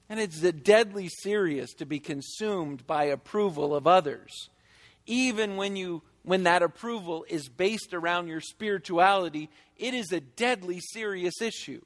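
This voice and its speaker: A man preaching a sermon as pastor, conversational and emphatic, slowing down to stress key phrases. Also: sits high. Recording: long reverb of a church hall.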